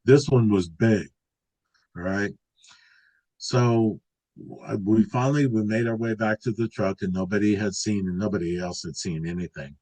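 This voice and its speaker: Older male guest, lowish voice, casual rambling storyteller. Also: a little slow, a little mellow, rough recording. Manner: rambling, restarts and filler words. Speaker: interview guest recounting an encounter.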